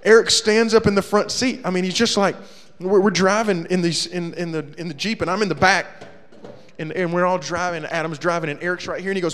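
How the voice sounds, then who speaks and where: A man telling a comedic story to a young audience, acting out his friends' voices and shouting the punchlines. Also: sits high, fairly quick, in a large hall.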